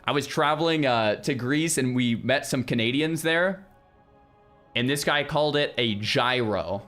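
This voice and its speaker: A young man streaming, chatting casually with his viewers in an animated way, with lots of restarts and loud exclamations. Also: medium pitch, a little slow, faint music behind. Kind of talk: casual livestream chat with viewers.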